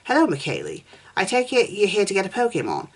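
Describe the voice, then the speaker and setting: A woman voicing a kind, friendly male professor in a story she reads aloud, gentle and polite. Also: medium pitch, huge pitch swings, brisk, pitched above the performer's own voice.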